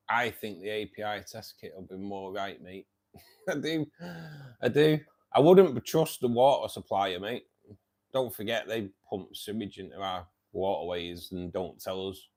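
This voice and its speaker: A man's voice: lowish voice, measured pace, darkish tone. A man hosting a casual livestream. He reads out viewers' chat, says "mate" a lot and laughs often. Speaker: livestream host reading chat.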